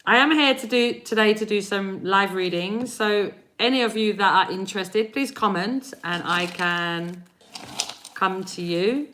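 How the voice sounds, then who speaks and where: An English woman in her forties, an energy reader, does live readings on a stream, chatting with viewers and laughing often in her English accent. Her mid-range voice is bright and forceful, delivered at a measured pace.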